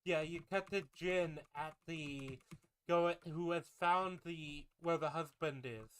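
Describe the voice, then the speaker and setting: A man's voice: fairly high pitch, takes it slowly, a bit bright, clean tone. A man co-hosting a casual film discussion podcast, recapping scenes in a loose, profane way. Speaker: podcast co-host.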